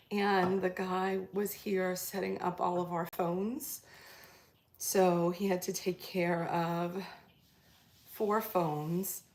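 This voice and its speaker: A woman's voice: mid-range voice, gravelly, darkish tone. A woman chatting casually with live viewers, rambling and chatty with lots of fillers, trailing off, and laughing easily. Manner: laughs easily while telling stories.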